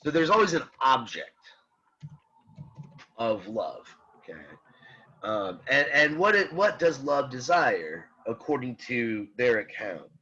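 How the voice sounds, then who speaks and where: A man teaching an online philosophy class, talking in halting restarts and often checking in with "right?". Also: mid-range voice, big pitch swings, sharp tone, slightly rough, lo-fi sound. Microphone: computer mic on a video call.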